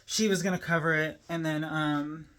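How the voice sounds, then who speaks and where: A woman telling a personal story to camera, emotional and near tears, talking in a halting, rambling way with many fillers and restarts. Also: deep voice, steady tone, fairly bright tone.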